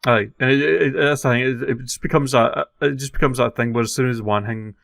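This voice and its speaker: Gravelly man ranting casually. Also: mid-range voice, fast talker, no echo. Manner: swears freely, animated when ranting. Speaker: podcast co-host. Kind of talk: casual chat.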